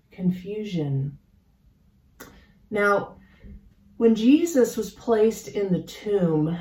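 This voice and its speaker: Slow, mellow woman preaching in a church. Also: mid-range voice. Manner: slow, measured and reflective, with dramatic pauses. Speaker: pastor. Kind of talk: sermon. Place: church sanctuary. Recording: roomy church sound from a distance.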